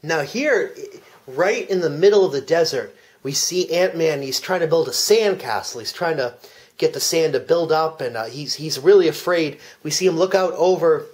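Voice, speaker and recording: Earnest deadpan man in fake commentary. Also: a little high, moderate pace. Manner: earnest storytelling with frequent restarts. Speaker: comedic fake commentary speaker. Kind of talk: deadpan parody commentary track.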